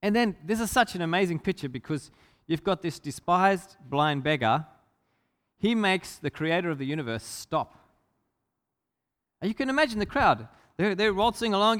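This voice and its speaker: A man's voice: high voice, big pitch swings, normal speed, a bit bright. A man preaching a sermon, telling a story with emphasis and asking the congregation rhetorical questions. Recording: long hall reverb.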